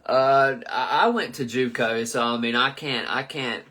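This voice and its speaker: A man in his twenties from the southern US hosts a live comedy chat with a medium-pitched, sharp-toned, unhurried voice. Reading viewer comments, he jokes around loosely and swears heavily. He's casual and profane and fumbles people's names.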